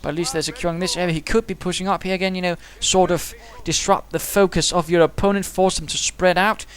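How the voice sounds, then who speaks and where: A man giving quick, chatty play-by-play commentary on a strategy game, with dry humour and British turns of phrase. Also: sits high, fairly even intonation.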